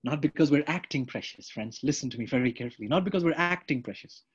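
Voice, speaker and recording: A man's voice: mid-range voice, expressive, fast talker, husky, highs cut off. A man preaching a sermon with fervor, often repeating his lines and calling his listeners friends.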